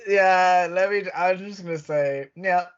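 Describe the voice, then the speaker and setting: A man's voice: sits high, measured pace, smooth, lo-fi sound. A man co-hosting a podcast, chatting casually and acting out quotes as he tells a story. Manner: chatty storytelling, acts out quotes, laughs often. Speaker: podcast co-host. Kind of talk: casual chat.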